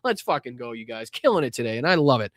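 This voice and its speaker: A man's voice: medium pitch, very animated, fast talker, no echo, clean studio sound. A middle-aged man with a Boston accent hosting a casual live stream, swearing freely, thanking viewers by name and stumbling through fillers and restarts. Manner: blunt and profane, thanks chatters by name, many fillers and restarts. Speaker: live-stream host reading viewer donations.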